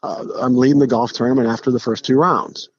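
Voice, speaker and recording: Husky middle-aged man telling stories. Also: mid-range voice, fairly quick, dry recording. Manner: animated, restarts, acts out quotes. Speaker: podcast guest, pro golfer. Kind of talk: casual storytelling. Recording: dull lo-fi podcast audio.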